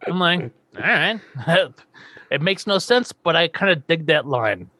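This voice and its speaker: A man's voice: fairly high pitch, lively intonation, measured pace, pushed and bright, dry recording. A man casually recapping a TV episode on a podcast, quoting the characters and laughing often. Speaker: podcast host.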